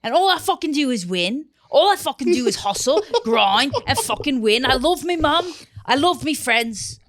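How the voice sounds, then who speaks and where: A woman's voice: high-pitched, lively intonation, fairly bright tone, voice pushed up. A woman voicing a boastful, swearing British hustle-culture bloke who drags out his words. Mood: cocky. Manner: brash, drawn-out, sweary.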